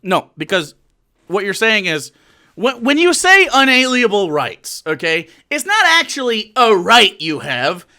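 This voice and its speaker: A man's voice: high-pitched, big pitch swings, a little slow, pushed and bright. A man streaming and reacting to a video, ranting in a profane, exasperated way and laughing in the middle of sentences.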